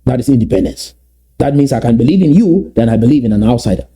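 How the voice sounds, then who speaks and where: A man from Southern Cameroons, giving an emphatic motivational address that repeats and slowly stresses key phrases. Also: medium pitch, animated, mellow, slightly rough. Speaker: activist speaker.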